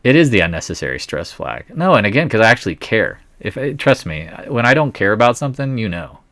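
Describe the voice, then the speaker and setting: A man's voice: fairly low pitch, big pitch swings, quick pace, fairly bright tone, no echo. A man hosting a live market stream, thinking aloud in a wry, blunt way as he reads through earnings.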